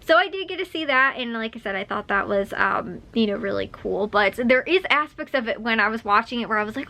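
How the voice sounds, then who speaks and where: A woman's voice: fairly high pitch, expressive, fairly quick, vocal fry, few pauses, pushed and bright. A young woman chatting casually in a home vlog, rambling with lots of fillers and repeats. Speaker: vlogger. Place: home at night.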